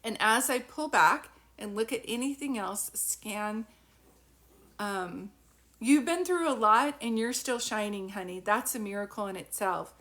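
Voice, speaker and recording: A woman's voice: mid-range voice, expressive, a little slow, fairly bright tone. A middle-aged woman giving a live-stream psychic reading, talking in a chatty, encouraging way with many fillers and restarts. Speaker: psychic medium.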